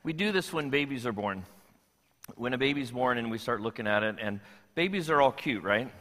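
A man's voice: mid-range voice, animated, a little fast, a bit bright. An older man preaching a sermon as pastor, playful and joking with his congregation. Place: church sanctuary. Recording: long reverb of a church hall.

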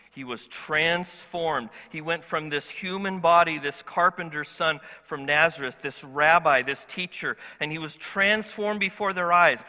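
A male pastor preaching a sermon in an animated, conversational way, asking the congregation questions. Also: a little high, long reverb tail. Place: church sanctuary.

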